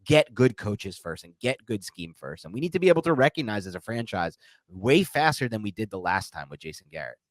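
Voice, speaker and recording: A young man with a fairly low voice co-hosts a casual sports podcast, picking apart game tape. He talks in an animated, chatty way. The sound is dry and close to the mic. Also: fairly quick, no echo. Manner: animated, mimics voices in quotes. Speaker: podcast co-host.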